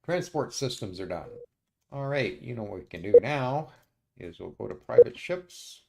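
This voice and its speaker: A man streaming a strategy game, muttering his moves to himself and often pausing with uhs. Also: mid-range voice, lively intonation, creaky, warm tone, a little hiss or hum. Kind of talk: casual let's-play commentary.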